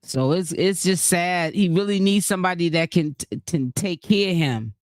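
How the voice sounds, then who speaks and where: A casual live-stream commentator talks at a middle pitch, rambling through points with plenty of fillers and restarts. The host keeps breaking off to thank and greet viewers by name from the chat. The sound is close and dry, with no room around it. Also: expressive, normal speed, no room sound.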